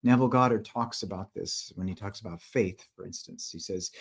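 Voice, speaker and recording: Casting: low-pitched male interview guest, earnest storyteller, repeats himself as he goes. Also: fairly quick, creaky, husky. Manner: earnest, repeats words, acts out quotes.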